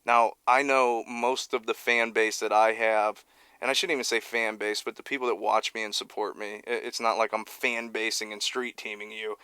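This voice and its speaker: A man's voice: fairly low pitch, little pitch movement, normal speed, bright, forceful tone, clear, resonant tone, no echo. Casual male studio engineer, dry close mic. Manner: loose and conversational, restarts words, self-described perfectionist. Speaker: mixing engineer. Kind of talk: casual talk to camera. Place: recording studio. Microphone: close studio vocal mic.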